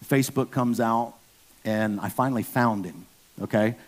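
His voice sits on the low side and moves at a normal speed as this pastor, a man in his fifties, preaches. He is frank and narrative, with sudden loud bursts as he plays out his stories.

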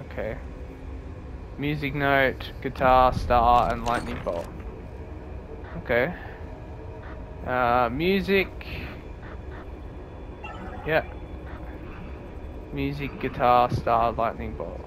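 A man giving jokey, swearing let's play commentary and reacting loudly to scares. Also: medium pitch, drawn-out words, pauses often, noisy background. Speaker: gaming video creator.

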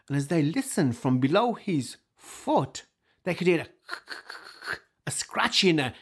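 A man telling a folk tale to children in a lively, animated way, inviting the audience to join in with voices and sounds. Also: a little high, normal speed. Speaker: storyteller. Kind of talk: interactive children's storytelling.

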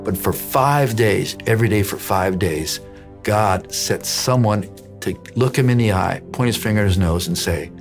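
A man minister telling a personal story, animated and acting out what others said. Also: deep voice, moderate pace, vocal fry, music in the background. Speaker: minister and speaker. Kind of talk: storytelling testimony.

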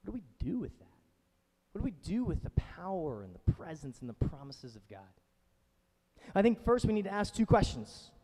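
A male pastor in his thirties delivers a conversational sermon with a high, bright-pitched voice that swings widely up and down. He talks casually with chatty asides, and his voice rings out with a long reverb in a church hall. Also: sing-song, normal speed. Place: church sanctuary.

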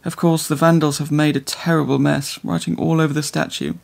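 A man's voice: a little high, level tone, a little fast, vocal fry. A man voicing a fussy, disapproving older woman who fusses and talks down to her companion. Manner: fretting, patronizing.

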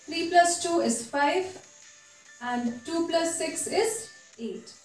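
A woman, teaching a math trick step by step in a slow, patient way. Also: sits high, a little mellow, distant mic. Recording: echoey room, voice off-mic, faint music.

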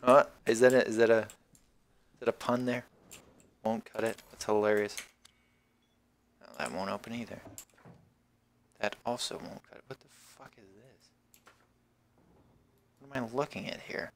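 A man's voice: fairly low pitch, moderate pace, long pauses, a little hiss or hum. Profane, rambling young-sounding man gaming. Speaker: gameplay commentator. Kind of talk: casual let's-play commentary.

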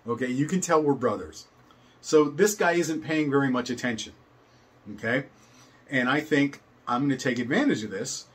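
A man's voice: medium pitch, fairly bright tone, husky. An older man casually telling a personal story, meandering with many fillers and chuckles.

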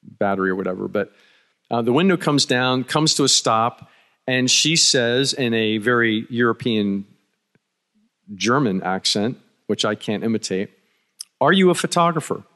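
A man's voice: medium pitch, measured pace, a bit bright. Male conference speaker from Philadelphia, mid-range voice, wry storyteller who restarts often, long hall reverb. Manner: anecdotal, wry humor, frequent restarts. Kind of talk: storytelling talk.

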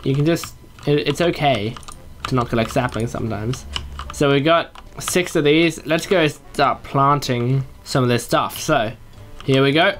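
A man doing Let's Play commentary at his computer, chatting to himself and breaking into excited high yelps. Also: normal speed, faint music behind. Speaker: gaming YouTuber.

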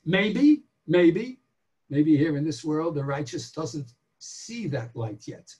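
New rabbi guy preaching a torah class, voice swoops up and down, leans hard on words. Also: a little high. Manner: animated, emphatic, drawn-out stresses and rhetorical questions. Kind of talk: sermon-style Torah lecture.

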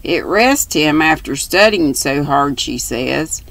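An older woman reading a classic novel aloud in an unhurried, homespun way, sometimes stumbling and rereading. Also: deep voice, lively intonation, fairly bright tone, dry recording, rough recording. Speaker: storybook reader.

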